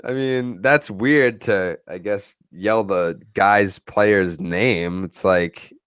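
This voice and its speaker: Halting man in dry, close recording. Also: lowish voice, fairly bright tone, clear, resonant tone, no echo. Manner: halting, restarts often, laughs while joking. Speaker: podcast co-host. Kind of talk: casual chat.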